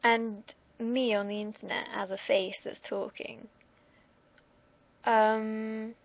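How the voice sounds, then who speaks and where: A woman's voice: medium pitch, gravelly. A young woman from the UK, vlogging in a rambling, self-deprecating monologue and swearing freely. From United Kingdom. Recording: dull lo-fi recording.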